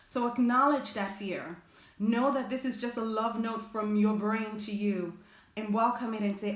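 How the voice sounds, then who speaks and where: A woman's voice: a little high, a little slow. A woman hosting a live motivational talk, chatting with her viewers and reading their comments. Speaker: host of a live motivational stream. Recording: echoey room.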